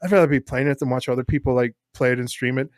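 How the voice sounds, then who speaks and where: A man co-hosting a podcast in casual chat, rambling and animated with lots of fillers. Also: medium pitch, racing, no room sound, studio quality. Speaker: podcast co-host.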